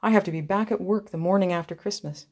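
A woman voices a tired young mother in a storybook, widowed and hard up but hopeful. She speaks wistfully, a touch higher than the narration. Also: quick pace, mellow.

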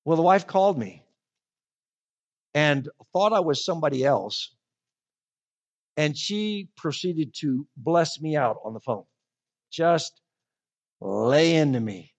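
A woman preaching a sermon, telling stories with animation and slowing down to stress key words. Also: low voice, lo-fi sound. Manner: animated storytelling, slows down for emphasis.

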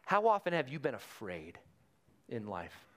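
A man's voice: mid-range voice, huge pitch swings, a little slow, a bit bright. A man preaching a sermon in a conversational way, retelling Bible stories with energy. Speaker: pastor.

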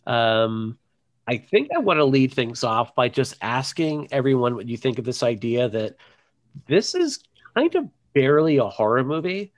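A man's voice: medium pitch, sing-song, moderate pace. Joking male podcast host. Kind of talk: casual film discussion.

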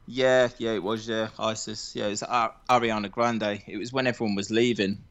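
Man, low-pitched, relaxed swearing guest on a chat show. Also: moderate pace, dull audio. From England. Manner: swears casually, laughs easily. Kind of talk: casual chat.

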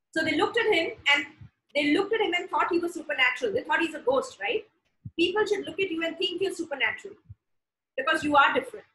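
A woman with a high, bright voice preaches a sermon in an echoey room. She reads a passage aloud, then teaches from it with repeated affirmations and frequent "okay?" check-ins. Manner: repeats declarations for the listeners to say after her.

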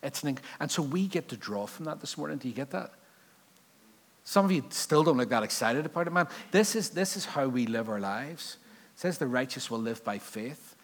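Chatty Belfast pastor preaching. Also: male voice, medium pitch, animated, moderate pace. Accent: Northern Irish. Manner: chatty, joking asides, rambling digressions. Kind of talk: sermon.

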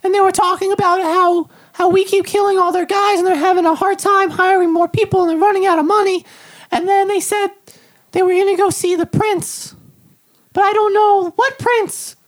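A woman's voice: very high-pitched, little pitch movement, moderate pace. A woman player in a tabletop game, chatting casually and hesitantly. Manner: hesitant, restarting. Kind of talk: casual chat.

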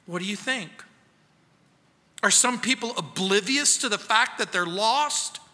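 A middle-aged man preaching a sermon as pastor, emphatic, swinging between loud and hushed. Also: sits high, lively intonation, a little slow, in a large hall. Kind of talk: expository sermon. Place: church sanctuary.

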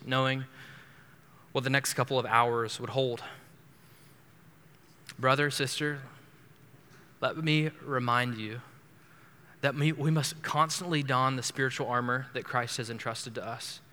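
Earnest preacher with a bright voice. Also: male voice, a little high, normal speed, in a large hall. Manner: earnest, emphatic, repeats words as he builds a point. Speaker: pastor. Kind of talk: expository sermon. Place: church sanctuary.

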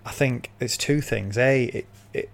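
A man's voice: mid-range voice, a little slow, gravelly. A man in casual discussion, earnestly laying out his view at length.

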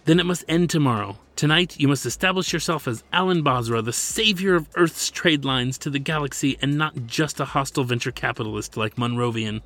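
A man's voice: mid-range voice, brisk, hardly any pauses, fairly bright tone, pitched above the performer's own voice, lightly acted. A man voicing a stern, formal male manager and loyal servant, speaking insistently.

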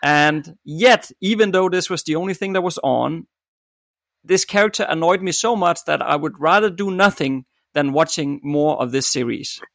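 A man's voice: on the high side, moderate pace, vocal fry, fairly bright tone, no echo, clean studio sound. A man co-hosting a podcast in casual chat, talking with hesitant ums and restarts, Danish his first language. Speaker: podcast co-host.

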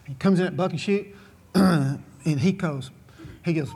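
A former bull rider tells a long, folksy story to an audience, drawling and chuckling and restarting repetitively. His voice is a little high, husky, and darkish in tone, with a measured pace.

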